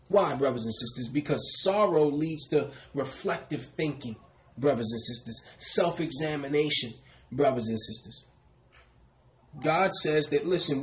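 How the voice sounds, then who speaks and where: A man preaching a sermon. He asks questions and answers them himself, and he keeps tagging lines with "brothers and sisters" in a dropping voice. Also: fairly high pitch. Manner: repeats "brothers and sisters" with falling, quieter tags. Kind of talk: sermon teaching.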